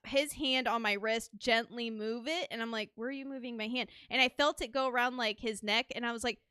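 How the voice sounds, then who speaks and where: A woman's voice: a little high, brisk, smooth, no echo, clean studio sound. A young adult woman hosting a podcast, chatting casually and acting out the people in her stories. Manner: animated storyteller, acts out quotes. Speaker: podcast host. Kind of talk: casual chat.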